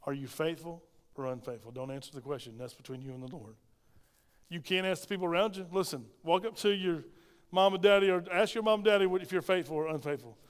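High-pitched guy preaching, keeps asking the crowd questions, big echoey church hall. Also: fast, clean tone. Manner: emphatic, asks the congregation questions. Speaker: pastor. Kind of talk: sermon.

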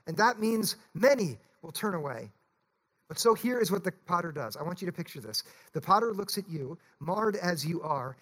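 A man's voice: high voice, a bit bright. A male pastor preaching a sermon in a church, earnest and pleading, often urging his listeners to listen.

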